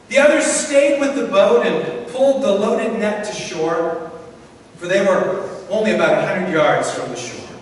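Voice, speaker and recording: A man's voice: high voice, fairly bright tone. A middle-aged man, a pastor, preaching a sermon and telling the story vividly, acting out the voices of its people. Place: large church hall. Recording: echoey hall from far off, faint noise.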